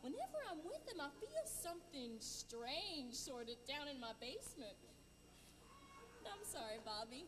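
Actriz como joven heroína de pueblo, voz aguda. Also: female voice, high-pitched, very animated, a little slow. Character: spirited young woman, small-town heroine. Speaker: stage actress. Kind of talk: live stage musical acting. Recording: distant stage audio in a large hall, noisy.

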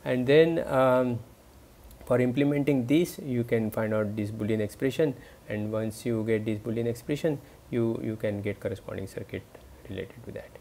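Guy lecturing online, gravelly dark voice, lots of uh and you know. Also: mid-range voice, fairly even intonation, normal speed, a little hiss or hum. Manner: hesitant, many fillers and restarts; explanatory, addresses students directly. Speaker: university lecturer.

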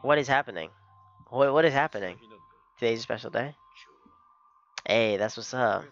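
A man's voice: mid-range voice, moderate pace, a bit bright, dull audio, soft background music. A young man giving casual reaction commentary on an anime episode, laughing often and calling everyone "bro".

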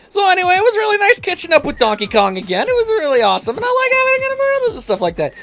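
A woman doing let's play commentary, ranting in an animated way, full of asides. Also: very high-pitched, rapid-fire, few pauses, soft background music. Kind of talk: gameplay commentary rant.

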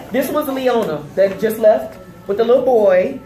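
A woman in her thirties, the guest of honor, opens gifts at an indoor party, gushing and laughing often as she chats casually. Her voice is a little high and slow, with soft music playing behind her. The room is echoey and the background noise is loud.

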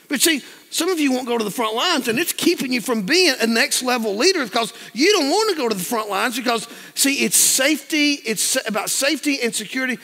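A man's voice: extremely high pitch, lively intonation, brisk, sharp tone, big-room sound. A pastor in his fifties preaching a folksy sermon to his congregation, acting out other people's voices along the way. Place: church sanctuary.

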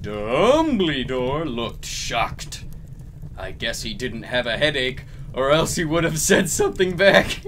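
A man's voice: medium pitch, very animated, slow pace, fairly bright tone, a little hiss or hum. A man co-narrating a fanfic in a comedic dramatic reading, in a dry, matter-of-fact way. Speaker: co-reader.

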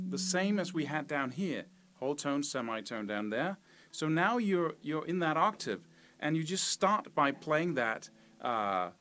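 A man teaching a guitar lesson, explaining step by step and counting out fret numbers. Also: on the high side. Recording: loud guitar playing behind. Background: electric guitar.

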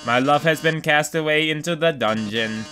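A man's voice: on the high side, normal speed, pushed and bright, soft background music. A man voicing a flamboyant male robot TV star with a dramatic, purring delivery, reading game dialogue aloud. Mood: theatrical.

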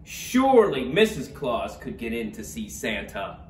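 Brief: man reading a bedtime story, slow and animated, roomy and off-mic. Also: medium pitch. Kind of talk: storybook read-aloud. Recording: roomy, distant, faint room noise.

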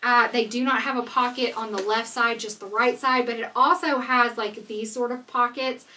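A woman vlogger from Canada talks casually through a try-on haul, candid and quick to joke. Her voice sits a little high and sounds bright and forward. She is recorded from a bit of a distance, a step back from the camera mic. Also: steady tone, a little hiss or hum. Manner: chatty, candid and joking.

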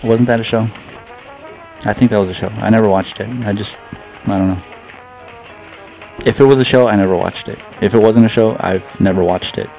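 A lowish, creaky, slightly mellow voice belongs to a gaming channel host who casually comments on his play, joking at himself and repeating words. Game music can be heard in the background.

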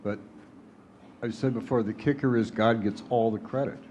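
A man from the congregation adding a calm closing remark, off mic. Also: mid-range voice, normal speed, slight background noise. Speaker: congregation member.

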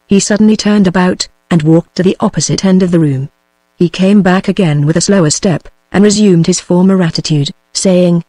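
A computer-generated woman's voice with a British English accent, reading an audiobook in an even, steady way. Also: on the low side, normal speed, dry recording. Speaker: narrator. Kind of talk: text-to-speech audiobook narration.

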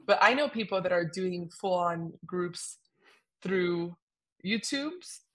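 A young woman co-hosting a podcast speaks slowly in a lowish voice. Even so, she's animated and chatty, chatting casually and using lots of fillers.

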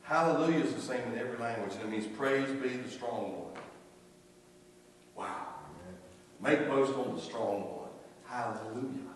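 A man's voice: mid-range voice, normal speed, pauses often. An older man preaching a sermon as pastor, folksy and full of repetitions and asides. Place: church sanctuary. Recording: echoey church hall from far off.

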